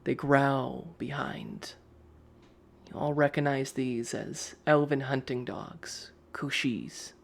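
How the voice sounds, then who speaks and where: A man's voice: mid-range voice, steady tone, takes it slowly, vocal fry. A man narrating a tabletop game as game master, describing scenes in the second person. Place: live stream.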